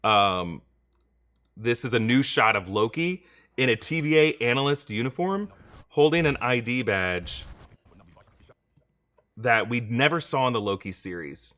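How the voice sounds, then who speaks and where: Young male host, casual livestream Q&A, chatty and bright. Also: mid-range voice, animated, a little slow, pauses often. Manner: chatty, reads viewer questions, thanks donors. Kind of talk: live-stream reaction Q&A.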